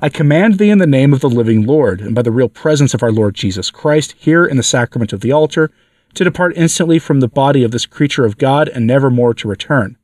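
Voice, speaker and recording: A man's voice: mid-range voice, lively intonation, fast talker, a little mellow, no echo, natural voice. A man voicing a stern male priest performing an exorcism, solemn and commanding, on a dry, distant mic.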